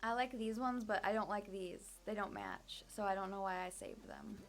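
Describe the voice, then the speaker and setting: A woman's voice: medium pitch, moderate pace. A young woman casually commenting on her gameplay, chatty and self-deprecating with many fillers, at a desk microphone. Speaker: streamer.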